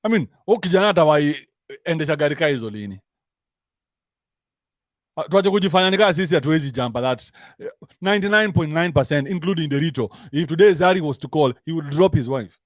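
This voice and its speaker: A man's voice: a little high, animated, fast talker, dry recording, clean studio sound. Mocking Kenyan man ranting comically. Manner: crude, mocking, code-switching between English and Sheng. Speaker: commentary show host. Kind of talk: rant-style comic commentary.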